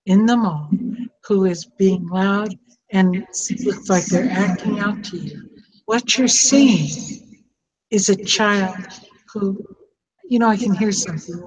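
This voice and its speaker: Slow, earnest older woman. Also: medium pitch, darkish tone, slightly rough, rough recording. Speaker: speaker on estranged parents. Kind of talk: personal storytelling talk. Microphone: online call microphone with echo.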